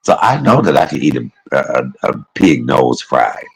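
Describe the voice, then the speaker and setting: A man's voice: extremely low pitch, sing-song, measured pace, gravelly, husky, poor audio. A man chatting casually and rambling on a livestream, calling his viewers y'all and baby. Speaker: live streamer.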